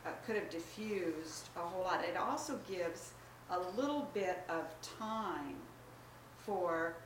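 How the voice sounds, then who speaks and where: A woman's voice: on the low side, animated, slow pace, noisy background. Hesitant woman, distant and echoey. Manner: hesitant, thoughtful, many fillers. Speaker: student asking a question. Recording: echoey room, distant mic.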